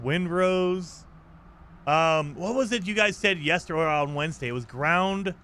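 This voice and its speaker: Bright-voiced rambling male game streamer. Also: on the high side. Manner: rambling, ranting, reads chat aloud. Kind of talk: casual live-stream chat.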